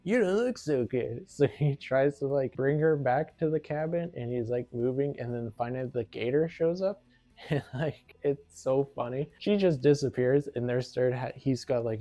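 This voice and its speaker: A man's voice: mid-range voice, mellow, dry recording. A man casually recapping a movie, giggling often and filling his talk with "like". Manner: giggly, rambling, says "like" a lot. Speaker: movie reviewer.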